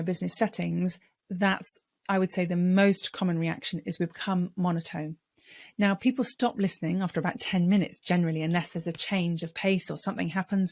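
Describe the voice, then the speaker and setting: Deliberate woman coach, low voice. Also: dry recording, clean studio sound. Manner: clear, deliberate, demonstrates voice styles. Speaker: speaking coach. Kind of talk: teaching to camera.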